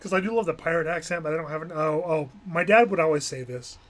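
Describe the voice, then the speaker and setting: A man's voice: fairly high pitch, fast. A man hosting a podcast in casual, playful chat, full of jokes. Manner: joking and playful. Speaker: podcast host.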